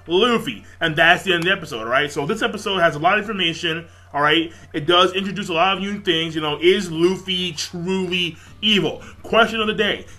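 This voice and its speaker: A man giving a casual recap and review of an anime episode, excitable and profane, rambling with lots of fillers. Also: a little high.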